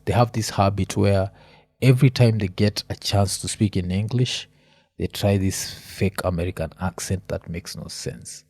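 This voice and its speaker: A man's voice: sits low, no echo. A Kenyan man hosting his own podcast, talking through the week's news in a loose, rambling rant full of ums and uhs. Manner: relaxed rambling rant with many fillers. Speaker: podcast host. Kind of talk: solo podcast commentary.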